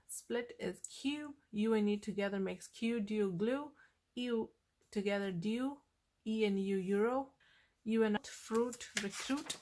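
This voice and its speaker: A woman's voice: mid-range voice, a little mellow. A woman teaching a phonics lesson on vowel sounds, explaining patiently and repeating the key points.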